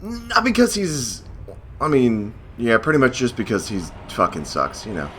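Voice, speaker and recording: Lively self-mocking male game commentator. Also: lowish voice, normal speed, slight background noise. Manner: rambling, self-mocking, swears casually. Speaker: gameplay host. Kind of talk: let's play commentary.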